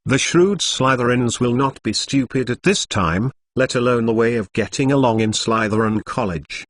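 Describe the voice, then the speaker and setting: A man giving a steady, scripted narration of a translated fantasy novel. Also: medium pitch, no room sound.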